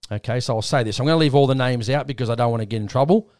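Speaking rapid-fire in a medium-pitched voice, an Australian podcast host rambles through a story and animatedly impersonates what others said. The casual chat is recorded with clean studio sound and no room noise.

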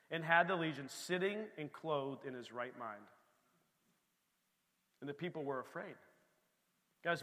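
A man preaching a sermon in a church, swinging between loud emphasis and soft, quiet passages. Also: a little high, long reverb tail. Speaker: pastor.

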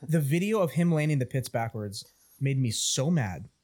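A man hosting a podcast, eager and excitable, swearing casually as he chats. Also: medium pitch, moderate pace. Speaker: podcast host.

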